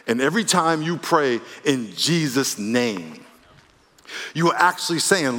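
A man, a pastor, preaching a sermon in an animated way, acting out quotes and laughing between points. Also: medium pitch, normal speed, in a large hall. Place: church sanctuary.

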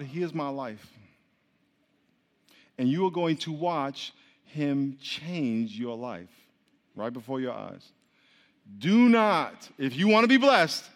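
Male pastor, slightly high voice, chatty and joking sermon delivery, long hall reverb. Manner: conversational, joking with the congregation, swings from quiet to loud.

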